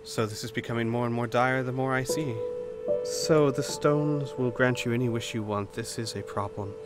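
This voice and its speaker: A man voicing a proud, gentle older woman wizard in a tabletop game, speaking softly and in a measured way, with music playing behind. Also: medium pitch, natural voice. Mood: troubled.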